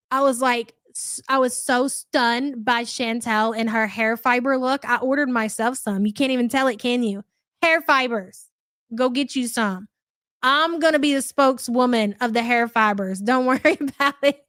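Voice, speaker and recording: A woman's voice: high-pitched, fairly bright tone, no echo. A woman hosting a live reaction stream, reading out chat messages in a blunt, profane, mocking way.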